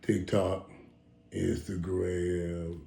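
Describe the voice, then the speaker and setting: A man in his fifties hosting a casual reaction monologue, talking emphatically with stammered restarts and dropping into low mutters. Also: monotone, drawn-out words, gravelly, mellow. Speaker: host. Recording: roomy echo.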